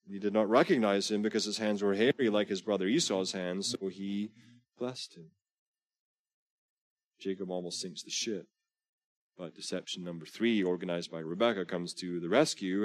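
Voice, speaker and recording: A man's voice: deep voice, fairly even intonation, normal speed, no echo. A man preaching a sermon as pastor, urging his listeners earnestly and reading scripture aloud with rising emphasis. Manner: earnest exhortation.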